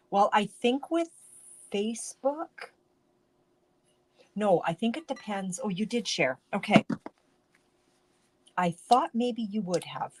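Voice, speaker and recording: This lowish, slightly mellow female voice comes with a bit of background noise. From her home craft room, she hosts an easygoing card-making live stream, rambling chattily and often stopping mid-sentence.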